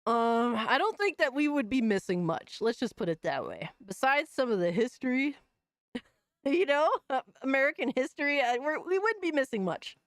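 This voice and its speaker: A woman's voice: high voice, sing-song, normal speed, no echo, clean studio sound. A woman hosting a casual livestream, chatting in loose, profane slang and often breaking into laughter. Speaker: livestream host.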